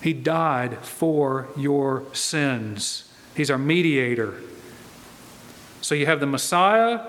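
A man's voice: mid-range voice, expressive, slow, fairly bright tone, big-room sound. A male pastor preaching a sermon in a church, emphatic and driving his points home by repeating key phrases.

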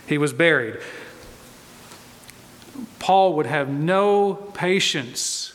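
A man preaches in a church with a fairly high voice, pressing each point and repeating his key lines for weight. The sound carries a long reverb from the hall around him. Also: expressive, very slow, long pauses. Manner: emphatic, repeats key phrases. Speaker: pastor. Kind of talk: sermon.

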